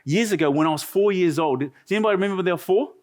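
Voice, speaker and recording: A man's voice: high voice, rapid-fire, a little mellow. A man with a New Zealand accent preaching a sermon, telling a humorous story with chatty asides to the congregation. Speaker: pastor.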